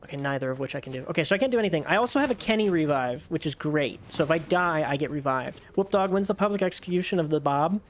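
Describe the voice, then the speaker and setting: A young man live-streaming a video game, chatting casually with his viewers, swearing and yelling excitedly when things get tense. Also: fairly high pitch, quick pace, hardly any pauses.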